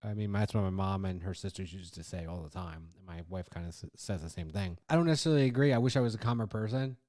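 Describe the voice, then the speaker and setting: A man's voice: low voice, quick pace, a little mellow. A man co-hosting a casual podcast chat, talking bluntly and frankly and swearing casually. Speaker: podcast co-host.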